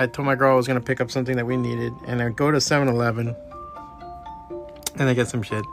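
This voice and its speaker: A middle-aged man hosting a podcast alone, telling stories in a heated, profane rant. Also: mid-range voice. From Miami area. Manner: profane, heated, animated storytelling. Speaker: podcast host. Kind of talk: casual solo rant.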